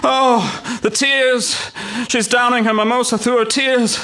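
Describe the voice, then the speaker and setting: A man's voice: extremely high pitch, flat delivery, slow, bright, forceful tone, exaggerated voice. An actor playing an overwrought old-time male radio reporter, gasping out breathless exclamations. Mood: anguished. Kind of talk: 1930s radio reporter parody.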